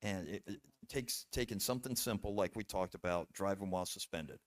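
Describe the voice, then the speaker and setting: A middle-aged man, a podcast guest, telling stories in an earnest, halting way with restarts and fillers. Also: low-pitched. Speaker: podcast guest, former bailiff. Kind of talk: casual storytelling conversation.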